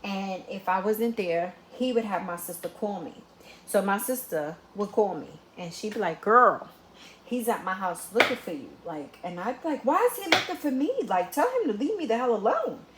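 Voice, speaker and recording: A woman's voice: mid-range voice, normal speed, background noise. Woman in an echoey room. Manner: animated, acts out quotes, laughs while telling. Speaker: vlogger. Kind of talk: casual storytelling chat.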